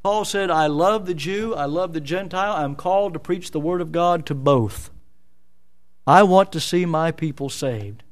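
Male preacher, high voice, emphatic sermon, rhetorical questions, church. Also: moderate pace. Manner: emphatic, rhetorical questions, dramatic voicing of scripture. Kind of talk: expository sermon.

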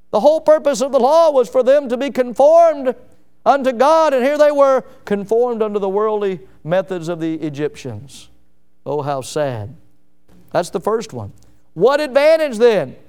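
A preacher with a notably high, clean, resonant voice delivers a sermon. He drives his points home with emphatic repetition and keeps throwing rhetorical questions to his listeners. His tone stays clear and smooth throughout. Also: lively intonation, unhurried, darkish tone.

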